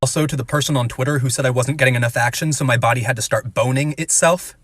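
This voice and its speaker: Man, comic storyteller, wry, bright tone, dry close sound. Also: medium pitch, quick pace, no room sound. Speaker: TikTok creator.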